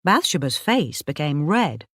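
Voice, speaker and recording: A woman narrates a simplified classic novel for English learners at a very slow, careful pace. Her pitch moves in a lively, animated way, and the close studio recording is dry with no room sound. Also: no room sound. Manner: slow, clear and expressive. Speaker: audiobook narrator.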